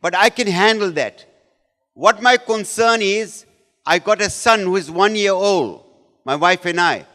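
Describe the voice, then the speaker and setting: Man, high voice, echoing hall. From South Africa. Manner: animated, acts out quoted voices. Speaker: educationist addressing parents. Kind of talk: storytelling talk. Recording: long hall reverb.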